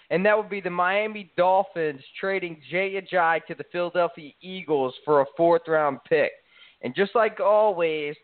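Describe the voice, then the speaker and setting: Confident sports host on a tinny line. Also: male voice, fairly high pitch, no room sound. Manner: confident, salesy, hyping his picks. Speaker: sports talk show host. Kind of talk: sports radio banter. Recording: tinny phone-like line, dry.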